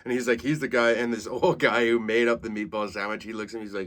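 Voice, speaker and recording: A man in his thirties from Saskatchewan hosts a comedy podcast. He tells stories in a casual, animated way, laughs at his own jokes and swears freely. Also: on the low side, fast talker. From Saskatchewan, Canada. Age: 30s.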